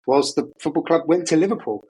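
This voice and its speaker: Husky-edged male co-host, conversational and jokey. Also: fairly high pitch, a little fast, a little mellow, rough recording. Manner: conversational, jokey, self-deprecating. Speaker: podcast co-host, data pundit. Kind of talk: casual chat. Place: travelling abroad.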